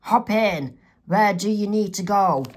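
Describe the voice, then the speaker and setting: A man's voice: high-pitched, unhurried. A man reading out a cheerful, helpful teenage girl in a homemade comic reading. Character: Penny, cheerful teen girl.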